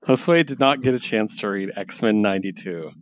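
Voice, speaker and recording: A man co-hosting a casual podcast, recapping a story with animated storytelling and filler words. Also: on the low side, normal speed, no echo, clean studio sound. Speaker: podcast co-host, comic reviewer. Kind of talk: casual chat.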